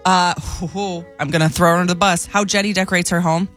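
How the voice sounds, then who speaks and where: A woman's voice: on the low side, steady tone, brisk, a bit bright, soft background music. A woman co-hosting a radio talk show, giving her opinions in an emphatic, casual way. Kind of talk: casual on-air chat.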